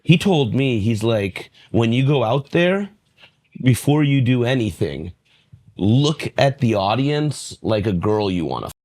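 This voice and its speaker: A male comedian co-hosting a podcast in relaxed, casual chat. His voice sits in a middle range. He speaks loosely, with restarts and the odd curse. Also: mid-range voice, unhurried, no echo. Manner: relaxed, chatty, swears.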